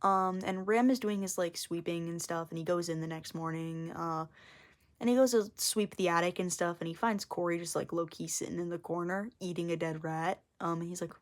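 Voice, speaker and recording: Young woman artist vlogger, rambling, filler-heavy, lowish voice. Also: steady tone, moderate pace. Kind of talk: casual rambling explanation.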